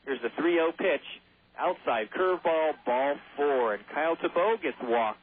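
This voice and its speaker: A man's voice: fairly high pitch, expressive, moderate pace, no room sound. Chatty man calling baseball on tinny radio. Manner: chatty, drifting into jokey asides. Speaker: baseball play-by-play announcer. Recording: tinny phone-like radio broadcast.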